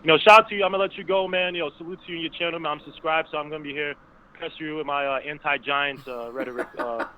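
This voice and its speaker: A man calling into a sports show, talking quickly with stumbling restarts and emphatic stress. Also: fairly high pitch, steady tone. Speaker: caller. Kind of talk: phone-in sports talk. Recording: tinny phone line.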